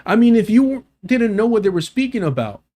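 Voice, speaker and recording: A man's voice: high voice, big pitch swings, a little fast, mellow. A man hosting a reaction commentary, ranting incredulously and swearing a lot. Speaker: commentary channel host.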